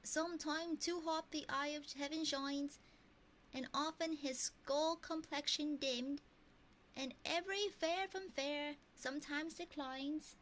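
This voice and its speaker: A woman's voice: high-pitched, steady tone, a bit bright, a little hiss or hum, pitched above the performer's own voice, poor audio. A woman putting on a lofty poetry reciter in a made-up accent, whispered role-play. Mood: dramatic, lofty. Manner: slow, sing-song dramatic recitation. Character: grand female poetry reciter, theatrical and lofty.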